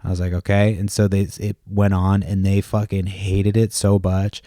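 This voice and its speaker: A man's voice: sits low, completely flat delivery, moderate pace, mellow, no echo, clean studio sound. A man in his thirties hosting a podcast, rambling casually with lots of cursing and laughing at his own stories. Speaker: podcast host.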